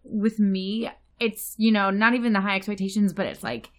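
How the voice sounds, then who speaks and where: A woman in casual conversation on a podcast, her voice sitting in an ordinary middle register. She rambles, leans on fillers, and lets her phrases drop away quietly at the ends. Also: medium pitch, steady tone, moderate pace. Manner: chatty, many fillers, trails off softly. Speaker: podcast co-host. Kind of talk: casual chat.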